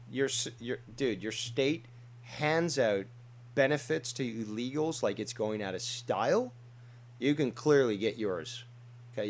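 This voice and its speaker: Male reaction host, mid-pitched, blunt and mocking with casual swearing. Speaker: commentary host. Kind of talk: reaction commentary.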